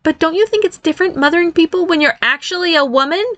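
A woman voicing a surly young man in a storybook reading, pushing her voice high and strained into a whine. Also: normal speed, a bit bright, dull audio. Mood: whiny. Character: sulky young man turned fairy, whiny.

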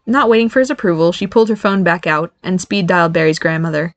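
A woman reading a story aloud as audiobook narrator in an even, storytelling manner. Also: on the low side, fast, few pauses, dry recording. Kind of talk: scripted narration.

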